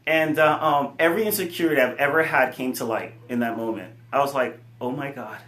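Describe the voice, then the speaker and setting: A man running a fitness company, giving an earnest, animated motivational talk full of fillers. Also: mid-range voice, brisk. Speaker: fitness company CEO and coach. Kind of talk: casual motivational talk to camera. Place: room with his computer. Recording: echoey room.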